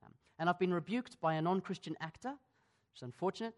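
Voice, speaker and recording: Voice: medium pitch, fairly quick. A pastor preaching a sermon in a church, in a conversational way, asking the congregation questions and often restarting his sentences.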